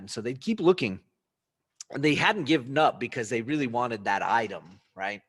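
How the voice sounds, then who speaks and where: A man hosting a talk show, casually retelling a story and acting out the haggling back and forth with lively asides. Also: mid-range voice, normal speed, no room sound, clean studio sound. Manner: animated storytelling, acts out buyer and seller dialogue; frequent fillers and restarts, conversational asides. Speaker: podcast host.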